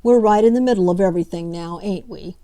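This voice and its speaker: A woman's voice: fairly low pitch, fast, warm tone, lightly acted. A woman voicing a hospitable older husband who talks in a hearty, colloquial way. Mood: eager.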